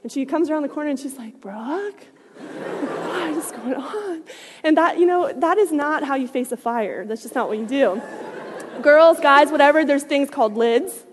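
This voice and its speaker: A young woman with a high voice tells an animated personal story, laughing often and swinging between loud bursts and hushed asides. Her voice carries a long, trailing reverb. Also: a little fast, noisy background.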